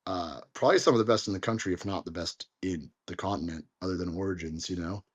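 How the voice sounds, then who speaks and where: A young man guest on a podcast, telling stories in a lively way with lots of filler words. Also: deep voice, fast, slightly rough. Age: young adult. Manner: storytelling, animated, many fillers like "like". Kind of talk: casual conversation.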